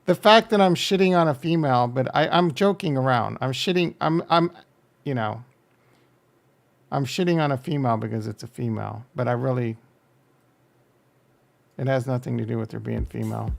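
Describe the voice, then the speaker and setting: A man's voice: medium pitch, moderate pace, vocal fry, pauses often. A man reacting to online videos, talking bluntly and joking crudely over the clips.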